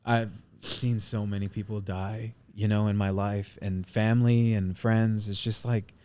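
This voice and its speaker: A man's voice: on the low side, level tone, a little slow, a little mellow, clear, resonant tone. A man co-hosting a casual podcast, reading a passage aloud and talking openly, at times emotional and swearing casually. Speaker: podcast co-host.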